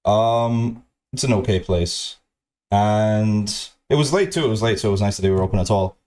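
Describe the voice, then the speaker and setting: A man's voice: on the low side, moderate pace, mellow. Rambling, swearing male streamer. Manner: rambling, stammering restarts, swears often, laughs at own story. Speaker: streamer telling a story to chat. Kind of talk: casual profane storytelling commentary.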